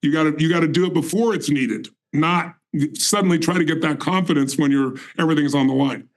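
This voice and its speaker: Male guest, 60s, gravelly, fairly high, emphatic motivational storyteller. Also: fairly quick, low-quality recording. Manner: emphatic, intense, certain.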